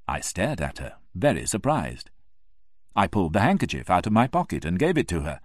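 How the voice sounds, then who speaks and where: A very low-voiced man tells the story in the first person, reading with emotion. His pitch rises and falls widely. The recording is dry and close, with no room around it. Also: huge pitch swings, fairly quick, no echo. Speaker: narrator.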